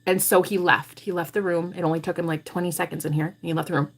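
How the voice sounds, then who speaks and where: A woman's voice: fairly low pitch, fast. A woman hosting a live tarot stream, telling her viewers a story bluntly and with plenty of swearing. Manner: blunt, profane, animated storytelling. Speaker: tarot reader and livestream host. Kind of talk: livestream talk to viewers.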